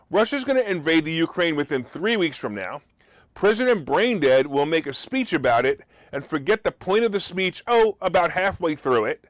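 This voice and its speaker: On a dry recording, a male talk show host with a voice that sits high launches into an opinionated monologue, peppered with mockery, sarcasm, and questions of disbelief.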